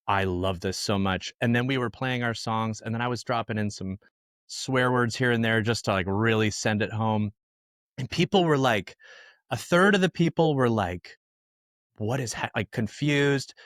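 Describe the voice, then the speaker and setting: Man telling lively anecdotes, dry sound. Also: medium pitch, dry recording. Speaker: guest musician. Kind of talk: casual storytelling.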